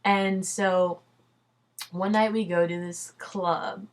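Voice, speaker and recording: Slow and steady in tone, with a voice on the low side, a young adult woman vlogs about something that happened to her. She's chatty and loose, leaning on "like" and "dude" and swearing freely.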